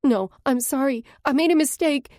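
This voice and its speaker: A woman voicing a frightened young woman in an audiobook, speaking softly and tremblingly before breaking into panicked cries. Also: sits high, normal speed, dry recording, clean studio sound, pitched above the performer's own voice, lightly acted. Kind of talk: audiobook character voice.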